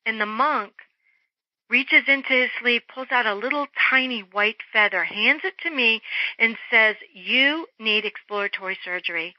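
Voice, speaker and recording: A middle-aged woman, an interview guest, telling a story in an animated way and acting out the voices of the people in it. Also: a little high, moderate pace, no room sound. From Germany. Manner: animated, acts out quoted voices. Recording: dull lo-fi phone-line sound.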